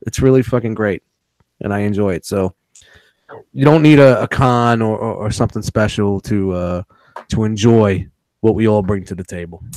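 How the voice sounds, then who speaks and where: A man's voice: lowish voice, moderate pace, darkish tone, dry recording. A man co-hosting a podcast, swearing freely in casual chat as he tells stories animatedly. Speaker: podcast co-host.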